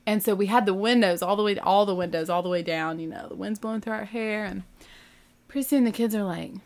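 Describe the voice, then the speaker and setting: A middle-aged woman casually telling a family road-trip story, acting out everyone's lines with lively, rising panic. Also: mid-range voice, brisk. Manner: animated, acts out family dialogue with rising panic.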